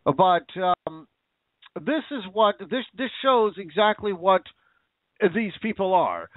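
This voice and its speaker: A man's voice: sits high, very animated, normal speed, no room sound. A man hosting a show, ranting with sarcasm and indignation, repeating himself. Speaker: show host. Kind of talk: ranting commentary. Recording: tinny phone-like line.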